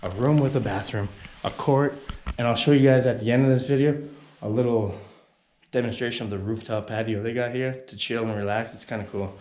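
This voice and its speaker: A man's voice: mid-range voice, fairly even intonation, a little fast, darkish tone. A man casually vlogging while walking through a city, chatting and giving tips to viewers. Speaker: travel vlogger. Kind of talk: casual travel vlog. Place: outdoors on busy city streets. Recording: noisy outdoor street recording.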